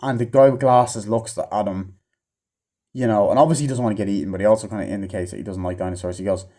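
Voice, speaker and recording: A man's voice: on the low side, steady tone, fast, warm tone. A man rambling through a casual, profane movie review, with offhand asides and many fillers.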